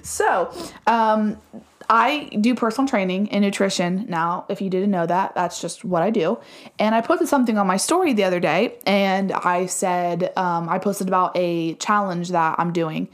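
A woman in casual podcast chat, telling a story in an animated way with plenty of fillers. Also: mid-range voice, normal speed. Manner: chatty, animated retelling with many fillers.

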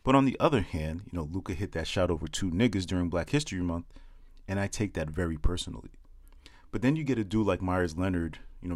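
A man's voice: on the low side, dry recording, studio quality. A young man doing a brash, profane stand-up monologue, breaking into chanted comic poems. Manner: brash, profane, rhythmic poem delivery. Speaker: comedian.

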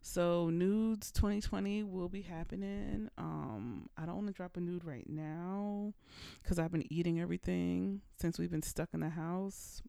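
A woman's voice: on the low side, a little slow, gravelly, dark tone, smooth, dry recording, studio quality. A woman hosting a podcast, chatting casually and playfully, talking straight to her listeners. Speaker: podcast host. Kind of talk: casual chat. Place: indoors, at home.

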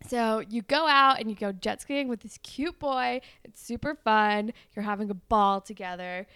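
A young woman co-hosts a podcast and spins a playful story, giggling and sprinkling "like" everywhere. Her voice sits a little high, with a gravelly fry at the ends of phrases and a smooth, resonant tone. The sound is dry and close. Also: normal speed, fairly bright tone, no echo. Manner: bubbly, giggly, lots of "like". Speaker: podcast co-host. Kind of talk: casual chat, improvised fan fiction.

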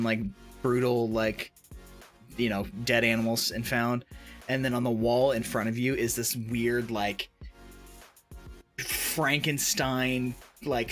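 A man in casual podcast chat, telling a game anecdote with lots of fillers and laughs, dropping into high put-on voices for the characters. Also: a bit bright. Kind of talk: casual chat about video games.

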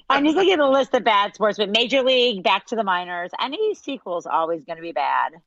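Bright-voiced woman, chatty co-host. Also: mid-range voice, big pitch swings, fast talker, muffled recording. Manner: laughs often, chatty. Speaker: podcast co-host. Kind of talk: casual chat.

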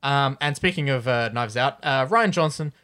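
A man's voice: medium pitch, moderate pace, a bit bright, clear, resonant tone. Chatty young man reading film news. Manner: rambling with many ums and restarts. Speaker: podcast host. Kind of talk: casual chat reading entertainment news.

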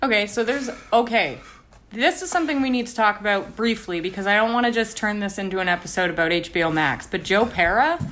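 A woman's voice: medium pitch, animated, quick pace, fairly bright tone. A Canadian woman co-hosting a casual chat, blunt and enthusiastic, swearing freely. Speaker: podcast co-host.

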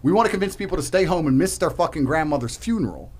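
In a heated podcast debate, a male guest rants with emphasis and plenty of profanity, his voice swinging loud and high. He speaks fast with lively intonation and a breathy edge.

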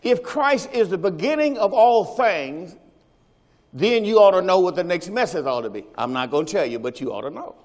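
Man preaching a sermon, call-and-response, high animated voice, long hall reverb. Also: normal speed. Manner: call-and-response preaching, has the congregation repeat phrases. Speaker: pastor. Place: church service.

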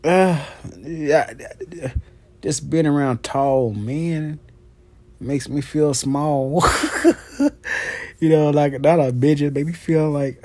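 A man's voice: a little high, fairly even intonation, takes it slowly, long pauses, darkish tone, no echo. A man hosting his own podcast in a brash, profane, gossipy monologue, laughing often. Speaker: podcast host. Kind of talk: casual monologue.

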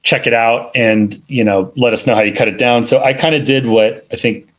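A man's voice: medium pitch, steady tone, fairly quick, poor audio. A man, a film editor, talking casually in an interview, rambling with many fillers and restarts. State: parent of two little kids.

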